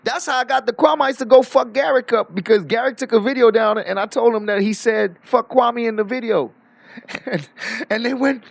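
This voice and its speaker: A man's voice: extremely high pitch, a little fast, vocal fry, dry recording. A man ranting boastfully on a live stream, swearing freely and laughing often. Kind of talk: casual livestream rant.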